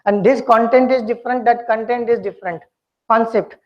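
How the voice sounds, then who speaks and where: A woman teaching a pronunciation lesson, speaking slowly and deliberately and repeating words for her students to copy. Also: on the high side, fairly even intonation. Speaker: English communication skills teacher. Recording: dull lo-fi lecture recording.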